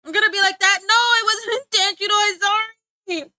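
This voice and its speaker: A woman livestreamer chatting with her viewers, giggly and talkative. Her voice sits high and bright, leaping around in pitch as she reacts. The sound is dry and close, with no room around it. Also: fairly even intonation, a little fast, no echo. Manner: chatty, giggly, talks back to chat. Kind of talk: casual livestream chat.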